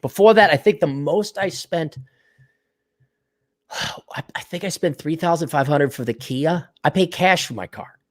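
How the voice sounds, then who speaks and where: A man's voice: a little high, unhurried. A middle-aged man hosting a solo podcast, talking casually and bluntly with lots of profanity and sardonic asides, just woken up. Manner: blunt, profane, sardonic, laughs at own jokes. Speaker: podcast host. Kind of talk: casual solo podcast rant, reading listener donations.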